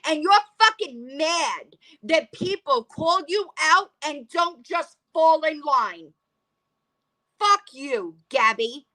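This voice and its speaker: A woman's voice: sits high, animated, slow pace, bright, forceful tone. A woman ranting angrily in a reaction vlog, heated and profane, confronting someone directly. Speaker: commentary vlogger. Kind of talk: angry reaction rant.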